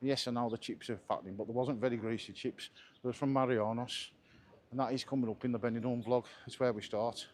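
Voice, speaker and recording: A man's voice: medium pitch, steady tone, fast talker, darkish tone. A man chatting enthusiastically as he walks through resort streets, live-streaming a travel vlog from a handheld camera. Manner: chatty, enthusiastic tour commentary. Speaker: travel vlogger. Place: outdoors on busy resort streets. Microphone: handheld camera while walking.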